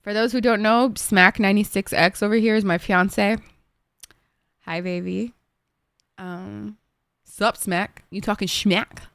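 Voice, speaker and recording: Young woman streamer, Egyptian accent, animated casual chatter, dry close mic. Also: mid-range voice, unhurried, vocal fry, pauses often, clear, resonant tone, no echo. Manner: chatty, animated, laughs easily, bursts into song. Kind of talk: casual chat with viewers.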